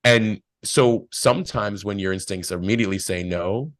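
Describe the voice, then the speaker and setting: Male podcast guest with a deep voice and dry close-mic sound, reflective storyteller. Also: normal speed, no echo. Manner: reflective, tells stories with acted quotes. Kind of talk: casual spiritual talk.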